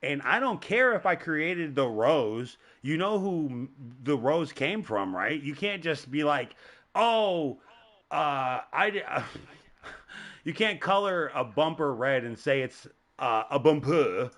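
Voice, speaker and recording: A man hosting a podcast in casual chat, rambling and animated, laughing often. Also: a little high, unhurried. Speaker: podcast host.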